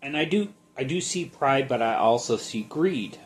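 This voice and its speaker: A man giving a casual Bible study, reading a passage in a halting way and then talking it through conversationally. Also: medium pitch, animated. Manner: slow, halting, reads then comments conversationally. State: sleepy, yawning.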